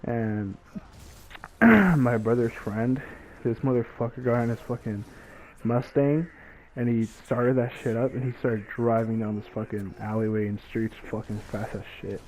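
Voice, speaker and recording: A man's voice: mid-range voice, unhurried, a little hiss or hum, low-quality recording. A young man telling a story in casual, profane speech, acting out what people said. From Mexican family. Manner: profane, animated retelling with acted quotes.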